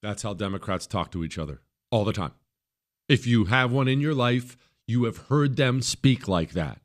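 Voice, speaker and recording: Animated and speaking at a moderate pace, this middle-aged man hosts a talk radio show. His monologue is forceful and opinionated, and he mimics others in high, mocking voices when quoting them.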